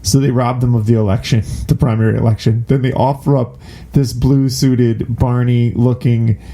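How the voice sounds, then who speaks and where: A man's voice: medium pitch, flat delivery, moderate pace, mellow. A man hosting a political commentary show, talking in a sarcastic, mocking manner. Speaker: host.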